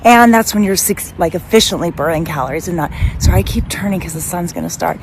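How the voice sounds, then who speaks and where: A woman's voice: on the low side, quick pace, creaky, slight background noise, rough recording. A woman in her fifties, a personal trainer, chatting casually to her phone camera in a rambling, upbeat way full of asides. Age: 50s. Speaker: personal trainer and bodybuilder vlogger. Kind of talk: casual vlog chat to camera.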